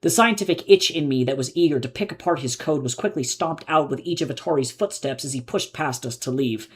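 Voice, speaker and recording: A man, the author, reading his own novel aloud live in measured, low-key narration. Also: slightly rough.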